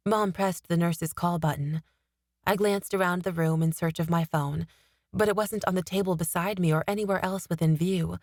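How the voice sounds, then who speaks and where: A woman narrating a fantasy novel in the first person, steady and expressive, on a studio mic. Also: lowish voice, no room sound. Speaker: audiobook narrator.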